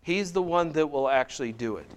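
A man's voice: a little high, fairly quick, smooth. Middle-aged man teaching a Bible study. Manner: relaxed and conversational, with frequent restarts and asides; reads scripture aloud in a rising, emphatic voice.

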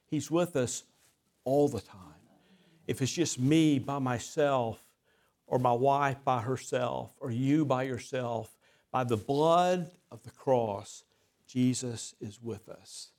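A man preaching from the pulpit, moving between a relaxed, folksy storytelling tone and emphatic, deliberate scripture reading. His pitch sits in an ordinary middle range, and he adds a gentle self-deprecating humor. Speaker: pastor. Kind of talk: sermon.

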